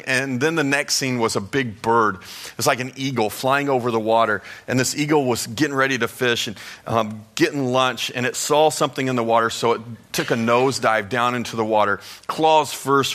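A male pastor giving a sermon in a conversational, storytelling manner, with lively asides to the congregation. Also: mid-range voice.

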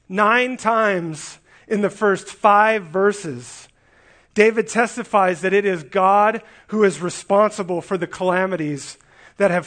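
High-voiced earnest man preaching a sermon. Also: a bit bright. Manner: earnest, emphatic, with frequent restarts and rhetorical questions. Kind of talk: expository sermon.

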